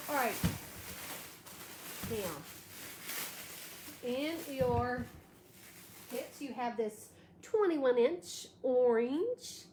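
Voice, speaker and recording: A woman's voice: a little high, expressive, extremely slow, pauses often. A tired woman hosting a live craft tutorial, thanking viewers by name as she demonstrates. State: a little tired, allergies. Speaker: craft livestream host. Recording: echoey room with faint background noise.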